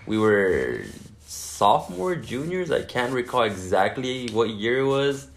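A man's voice: medium pitch, big pitch swings, unhurried, gravelly, slight background noise. A man casually telling a long story in a podcast chat, swearing constantly and rambling. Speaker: podcast co-host.

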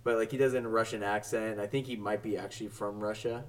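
A man's voice: fairly low pitch, steady tone, fast. A young man co-hosting a casual podcast chat, laid-back and swearing often. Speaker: podcast co-host. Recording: distant from the mic.

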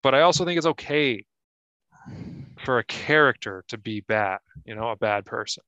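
A man's voice: mid-range voice, lively intonation, normal speed, sharp tone, dry recording, highs cut off. A man co-hosting an improvised comedy podcast who stammers, restarts lines and sounds incredulous. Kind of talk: improvised comedy sketch banter.

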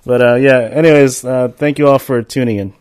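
A man's voice: mid-range voice, fairly even intonation, a little fast, a little mellow, clean tone, no room sound, studio quality. A man co-hosting a podcast, telling loose, profane stories in a casual chat. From United States. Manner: loose, profane storytelling with laughs. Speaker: podcast co-host.

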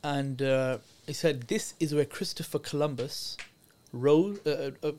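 A man's voice: fairly high pitch, unhurried, a little mellow. Earnest man telling a story. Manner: earnest, chatty, slangy. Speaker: podcast guest, youth worker. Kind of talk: casual chat, storytelling.

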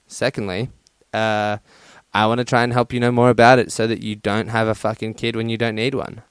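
A man's voice: lowish voice, level tone, brisk, clear, resonant tone, dry recording. A young man hosting a casual solo podcast, swearing often and mocking himself as he jokes. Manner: profane, self-deprecating, joking. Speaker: podcast host.

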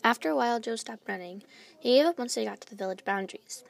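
Woman, storyteller, reading aloud, plain, small restarts, higher voice. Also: fast talker, gravelly. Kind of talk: reading her own fan story aloud.

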